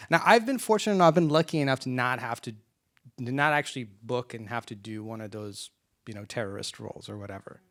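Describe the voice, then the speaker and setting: A man moderating a film panel, talking about his own career in a relaxed, reflective way with frequent pauses. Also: medium pitch. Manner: relaxed, reflective, hesitant with fillers. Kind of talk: panel discussion.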